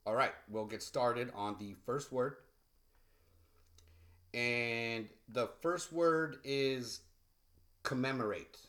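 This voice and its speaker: A man teaching English pronunciation in a relaxed, casual way, with many fillers and restarts. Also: medium pitch. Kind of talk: casual vocabulary lesson.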